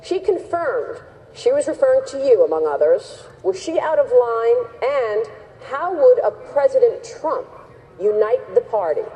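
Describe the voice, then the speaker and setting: A woman's voice: on the high side, big pitch swings, a little slow, mellow, breathy edge, low-quality recording. A woman moderating a televised debate, putting formal questions to candidates.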